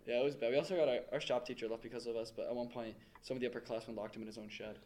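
A man's voice: medium pitch, steady tone, rapid-fire, a little mellow. A young man animatedly telling stories about school pranks, often laughing as he talks. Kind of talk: casual storytelling chat.

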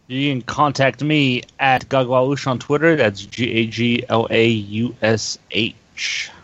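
A man's voice: mid-range voice, little pitch movement, slow pace, fairly bright tone. A man chatting on a casual podcast in a laid-back way. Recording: dull dry lo-fi audio.

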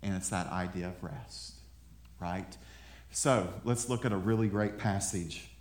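A pastor preaches to an audience in an echoey room, his deep, slightly mellow voice moving a little slowly. His sermon is conversational, and he often repeats words as he builds toward a point.

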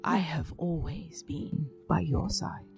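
A woman voicing a gentle, kind female goddess who speaks softly and reassuringly in a tabletop role-play. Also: low voice, slow pace, vocal fry, faint music behind, pitched below the performer's own voice, full character voice. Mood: tender. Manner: soft, calm and reassuring.

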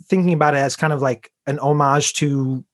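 A man from Chicago co-hosting a podcast, easygoing and quick to laugh as he introduces segments. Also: a little high, fairly even intonation. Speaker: podcast co-host, bartender. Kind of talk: casual chat and segment intro.

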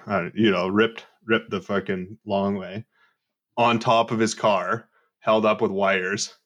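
Guy, low voice, swears a lot while telling annoyed stories on a casual podcast. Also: fairly bright tone. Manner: profane, ranting, laughs at own stories. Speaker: podcast co-host. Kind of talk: casual chat.

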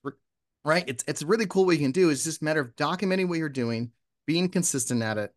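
A man talking as a guest in a casual interview, lively and often acting out example posts. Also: on the high side, quick pace. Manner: animated, acts out sample posts in voices. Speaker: podcast guest.

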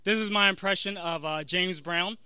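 A young adult man doing a stand-up comedy set, halting and self-deprecating with lots of fillers. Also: high voice, sharp tone, clear, resonant tone, dry recording. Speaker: stand-up comic.

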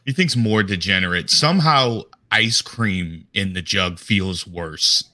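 A man's voice: low-pitched, animated, unhurried, pushed and bright. A man co-hosting a casual sports podcast, joking and teasing his friends. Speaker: podcast co-host. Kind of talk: casual banter.

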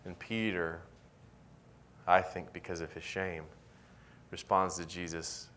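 Deep-voiced male pastor preaching. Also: takes it slowly, long pauses. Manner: swings from loud excited bursts to soft whispered intensity. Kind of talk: sermon.

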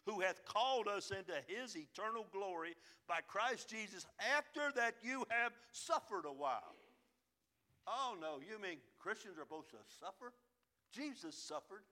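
A man preaching a sermon, swinging between loud emphatic peaks and low, quiet asides. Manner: fervent, rising to loud emphatic peaks then dropping low.

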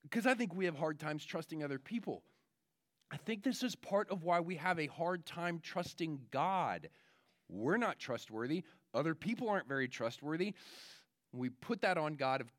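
A man preaching a children's sermon as pastor, telling stories in a lively, chatty way with many fillers. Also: on the high side, moderate pace, no room sound, studio quality. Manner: animated storytelling, many fillers.

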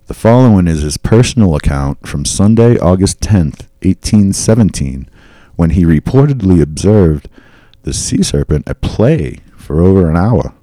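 Male podcast host, low-pitched, casual storyteller reading from notes, dry close mic. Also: warm tone, dry recording. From New England. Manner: reads accounts aloud with asides and fillers.

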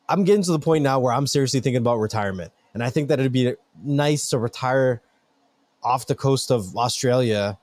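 A middle-aged man co-hosting a casual chat, animated and joking, swearing freely. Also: mid-range voice, no echo.

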